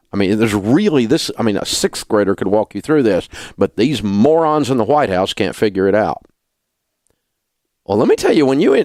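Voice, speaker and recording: A man's voice: fairly low pitch, a little mellow, no echo, clean studio sound. A middle-aged man hosting a talk radio show, ranting in an indignant, sarcastic way. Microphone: studio mic.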